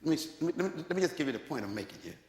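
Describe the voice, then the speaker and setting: A man's voice: on the high side, rapid-fire. A man preaching a sermon, telling stories with laughs and sudden calls to his listeners. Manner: animated storytelling preacher with laughs and call-outs. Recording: echoey hall.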